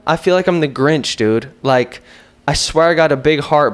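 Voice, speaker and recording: A man in his thirties telling a story in a casual vlog, animated and self-mocking. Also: on the high side, unhurried, clear, resonant tone. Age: 30s. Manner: animated, self-mocking, quotes himself in acted voices. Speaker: vlogger.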